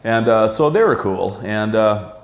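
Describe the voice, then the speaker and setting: A man's voice: on the low side, lively intonation, a little slow. A middle-aged man from Canada hosting a casual talk show in a pub, rambling and swearing with many fillers. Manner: rambling, profane, lots of uh fillers. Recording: echoey pub room.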